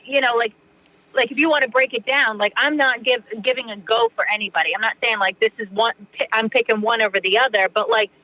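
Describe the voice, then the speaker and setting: Woman guest, casual and rambling, bright voice, dry mic. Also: fairly high pitch, steady tone, fast, dry recording, low-quality recording. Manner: rambling, heavy use of "like" and "you know". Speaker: podcast guest. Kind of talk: casual conversation.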